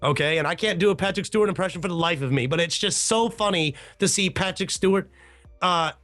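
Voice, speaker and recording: Animated high-voiced man telling stories. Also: faint music behind. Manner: animated storyteller, swooping pitch, quick asides. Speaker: podcast host. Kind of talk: casual podcast chat.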